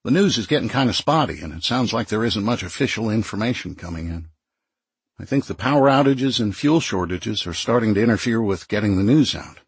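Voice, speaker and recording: A man's voice: lowish voice, animated, fairly quick, breathy edge, no echo, full character voice. A man voicing a friendly small-town minister in an audiobook, earnest and reassuring.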